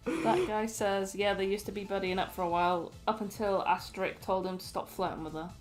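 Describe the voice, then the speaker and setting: A woman's voice: mid-range voice, fairly quick, faint music behind. A woman co-hosting a stream, reading chat messages aloud and tossing in dry, teasing jokes.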